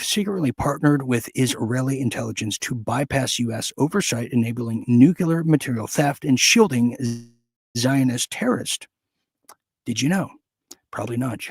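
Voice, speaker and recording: Husky-voiced sarcastic male news host. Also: medium pitch, no room sound. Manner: sarcastic, ranting asides between read headlines. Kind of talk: opinionated news commentary.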